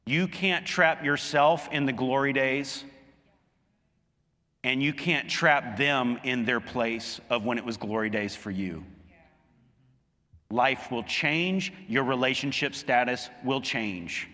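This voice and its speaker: Bright-voiced preacher in an echoing hall. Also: male voice, medium pitch, takes it slowly. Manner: earnest preaching, rising emphatically on key points. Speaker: pastor. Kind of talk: sermon.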